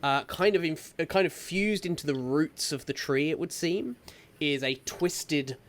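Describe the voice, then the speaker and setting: A man's voice: on the high side, measured pace, a bit bright, a little hiss or hum. A man narrating a tabletop game as dungeon master, describing scenes with frequent fillers and hesitations.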